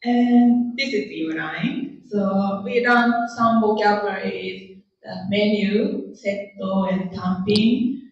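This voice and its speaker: Japanese-accented woman teaching in an echoey room. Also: medium pitch. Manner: repeats words slowly, laughs often. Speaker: language teacher. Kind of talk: classroom language lesson. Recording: echoey room, distant lo-fi mic.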